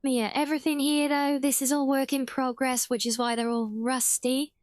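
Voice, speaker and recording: A woman's voice: high-pitched, flat delivery, moderate pace, darkish tone, no echo. A British woman streaming a game live, chatting casually, often correcting herself mid-sentence and answering her chat. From Britain (half English, half Welsh).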